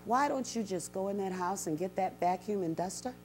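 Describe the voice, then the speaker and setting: A woman voicing her kindly uncle, a store owner who coaxes her gently and indirectly. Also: high-pitched, a little fast, slight background noise, close to an everyday voice. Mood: coaxing.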